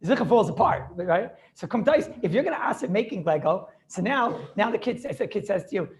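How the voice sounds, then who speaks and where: A man teaching as a rabbi in a loose, joking class over a video call. He talks at a brisk clip and keeps turning to his students with quick asides. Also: high voice, lively intonation, vocal fry.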